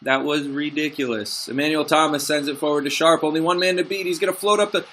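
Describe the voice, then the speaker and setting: A young man commentating his own football management game, swinging from excited play-by-play to frustrated asides. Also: a little high, quick pace, few pauses.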